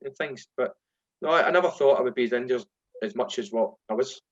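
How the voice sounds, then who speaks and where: A middle-aged Scottish man, a former footballer, telling lively anecdotes in a casual interview and acting out voices when he quotes people. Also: mid-range voice, quick pace, lo-fi sound. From Scotland. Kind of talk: casual storytelling.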